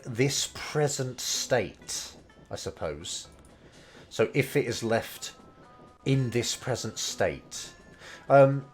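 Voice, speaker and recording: Slow, low-voiced man musing aloud. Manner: thinks aloud, hedging, many fillers. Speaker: language learning streamer. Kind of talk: casual explanation of game dialogue.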